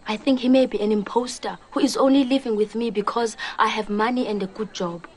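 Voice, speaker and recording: An actress playing an earnest, polite woman with a Botswanan accent, quietly telling her troubles. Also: a little high, fairly even intonation, brisk, close to an everyday voice. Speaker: client. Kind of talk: TV drama acting.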